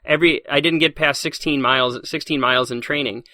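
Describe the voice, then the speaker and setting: A man telling stories in a casual podcast interview as a guest, animated and laughing often. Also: on the high side, no echo, studio quality. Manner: fast, animated storyteller who laughs often. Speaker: podcast guest, science teacher.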